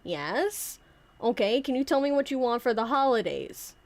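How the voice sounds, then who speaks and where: Playful young woman with a lively voice. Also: a little high, moderate pace, no echo. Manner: playful, rambling, self-interrupting, acts out skits with toys. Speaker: streamer. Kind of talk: casual chat.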